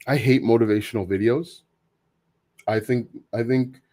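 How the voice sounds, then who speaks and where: A man with a somewhat low voice hosts a live question-and-answer stream. He talks casually and with strong opinions, often restarting his sentences and filling the gaps with "um" and "uh". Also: a little mellow. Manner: halting, frequent restarts and fillers, opinionated. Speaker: livestream host answering viewer questions.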